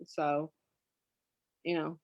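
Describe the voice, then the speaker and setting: A woman's voice: sits low, little pitch movement, extremely slow, darkish tone, dry recording, highs cut off. A woman guest chatting casually in an interview, telling stories and laughing often. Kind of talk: casual chat. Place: lives in Florida.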